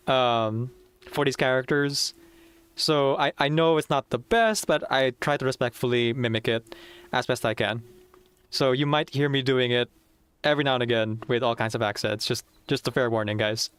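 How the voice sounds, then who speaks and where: A man chatting casually while playing through a game story, excitable and rambling with frequent giggles. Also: medium pitch, smooth. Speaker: game streamer. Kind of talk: casual gameplay commentary.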